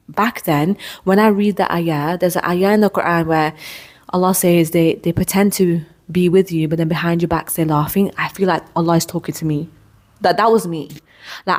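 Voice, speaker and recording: A woman in her thirties, hosting her own podcast, talks through a personal story with a lowish voice. Her delivery is candid and loose, full of restarts and asides as she circles back on her thoughts. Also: darkish tone. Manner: candid, rambling, with frequent restarts and "like". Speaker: podcast host.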